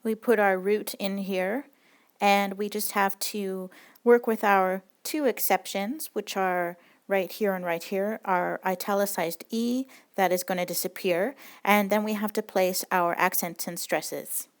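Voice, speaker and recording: A woman's voice: mid-range voice, fairly even intonation, unhurried, smooth. A woman teaching a recorded language lesson, explaining rules patiently and step by step.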